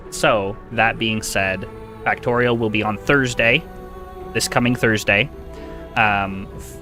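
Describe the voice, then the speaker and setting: A man streaming a video game, chatting casually with a wry, self-deprecating manner into a desk microphone. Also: on the low side.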